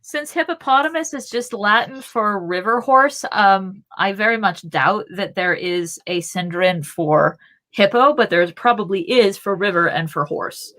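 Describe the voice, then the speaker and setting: A woman's voice: medium pitch, a little slow, a bit bright. A woman co-hosting a podcast in casual chat, wry and chatty. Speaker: podcast co-host.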